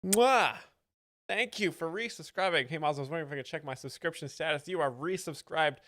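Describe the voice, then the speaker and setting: A man with a slightly high voice hosting a casual live stream. He is upbeat and playful, and he sounds hyped as he talks. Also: fast, sharp tone. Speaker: stream host.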